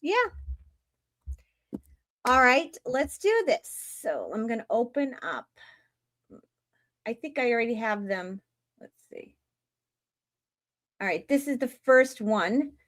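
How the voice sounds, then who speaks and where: A woman's voice: a little high, sing-song, slow, pauses often, fairly bright tone, no room sound, studio quality. A woman with a Boston accent giving an upbeat, emphatic spiritual tarot reading to her viewers. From Boston area. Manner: emphatic, exclamatory, upbeat preaching tone. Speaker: tarot reader.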